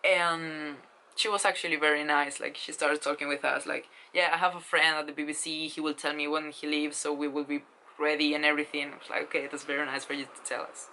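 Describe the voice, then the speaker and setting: Gushing young woman vlogger, low bright voice. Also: fairly quick, rough recording. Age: 20s. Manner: excited, gushing, swears, many fillers. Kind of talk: casual storytelling vlog.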